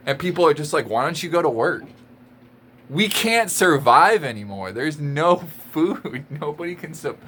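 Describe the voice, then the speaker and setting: A man ranting to his camera in an exasperated, emphatic way, repeating his points and laughing between lines. His voice sits at an ordinary pitch for a man, with a faint hum of background noise behind it. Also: a bit bright. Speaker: vlogger. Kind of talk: casual rant to camera.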